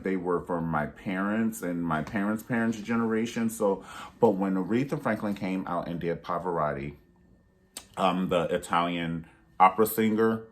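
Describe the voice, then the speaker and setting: Animated man telling stories, slightly low voice. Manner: animated storytelling, acts out quotes in high voices. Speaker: YouTube reviewer. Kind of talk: casual review vlog.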